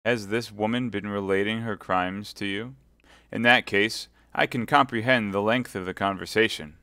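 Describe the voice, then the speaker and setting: A man's voice: fairly low pitch, normal speed, bright, forceful tone, no echo. A man doing a stern suspicious baron. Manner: dry, suspicious.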